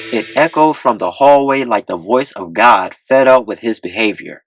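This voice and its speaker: A man narrating a comedy audiobook with deadpan comic timing on a close mic. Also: medium pitch, moderate pace, few pauses, background noise.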